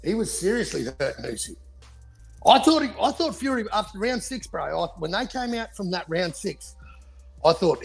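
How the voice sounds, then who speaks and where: A man rants about boxing in a gravelly, husky voice, his pitch swinging up and down. He swears constantly and keeps up a heated, casual chat. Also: sing-song, fairly quick, soft background music. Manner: profane, heated ranting. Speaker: podcast co-host.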